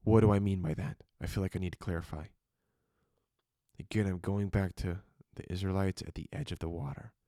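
Hushed, slow-speaking deep-voiced man preaching. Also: dry recording, studio quality. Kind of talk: quiet devotional sermon.

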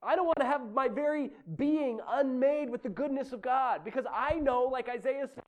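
A man's voice: very high-pitched, moderate pace, pitched above the performer's own voice. A man voicing terrified male disciples, wailing dramatically in fear.

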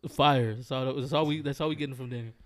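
A man's voice: mid-range voice, fairly even intonation, quick pace. A man co-hosting a podcast, joking and teasing, calling people "dog". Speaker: podcast co-host. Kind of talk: casual chat.

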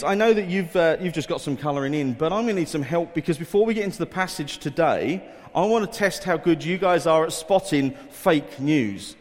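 A man leading a quiz for children in a school hall, coaxing volunteers and reading headlines aloud in an upbeat way. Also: a little high. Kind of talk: addressing a room of children. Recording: echoey hall reverb.

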